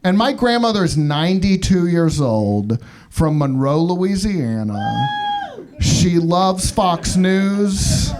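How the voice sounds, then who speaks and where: A man doing a stand-up set on a club stage, deadpan with wry asides. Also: high-pitched, takes it slowly, noisy background. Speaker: stand-up comedian. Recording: live comedy club, loud crowd laughter.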